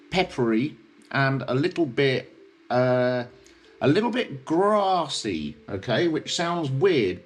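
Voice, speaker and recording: A man with a British accent hosting a casual explainer, talking in a chatty way and often checking in with the listener. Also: medium pitch. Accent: British English. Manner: chatty, checks in with tag questions like okay and yeah. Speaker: host.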